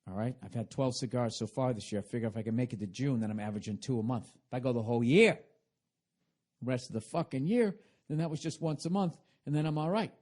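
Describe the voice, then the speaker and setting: A middle-aged man hosts a comedic podcast, delivering a profane, ranting monologue that swings between loud and quiet. He speaks fast at a medium pitch.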